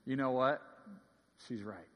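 A man in his thirties preaching a sermon, telling stories earnestly and swinging from ringing emphasis to hushed asides, in a large church sanctuary. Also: medium pitch, measured pace. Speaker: pastor. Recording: long reverb of a large hall.

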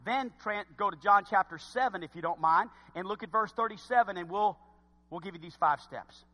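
A man preaching a sermon to his congregation, folksy and direct, swinging from hushed asides to shouts. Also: sits high, brisk. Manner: folksy, talks straight to the congregation. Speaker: pastor. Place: church sanctuary. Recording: long hall reverb.

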